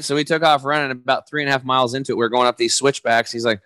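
A middle-aged man, a podcast guest, talking in an energetic, casual way with slang. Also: mid-range voice, racing, no room sound. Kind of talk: podcast interview.

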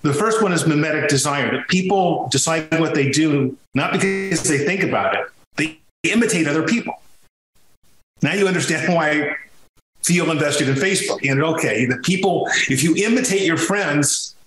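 A man's voice: fairly high pitch, moderate pace, a bit bright, echoey room, poor audio. A man from Sicily talking as a podcast guest, telling his story emphatically with frequent restarts. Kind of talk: conversational podcast interview.

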